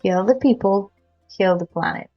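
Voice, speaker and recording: A woman's voice: medium pitch, moderate pace, dull audio, soft background music. A woman hosting a podcast interview, earnest and complimentary toward her guest. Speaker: podcast host. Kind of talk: interview, formal introductions.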